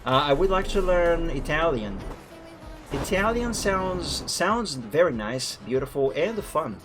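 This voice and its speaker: A young man with a foreign accent, chatting casually and rambling while he streams a driving game, over loud background music. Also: on the high side, very animated, unhurried. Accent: foreign accent in English. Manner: chatty, rambling, self-correcting. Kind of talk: casual live-stream chat while playing. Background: lofi music and truck engine.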